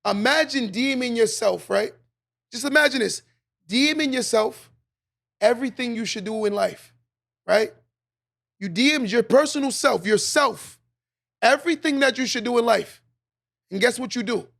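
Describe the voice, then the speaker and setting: High-voiced, gravelly preachy man. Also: normal speed, long pauses, a bit bright. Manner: preachy, emphatic, repeats lines for effect. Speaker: podcast host. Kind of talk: motivational monologue.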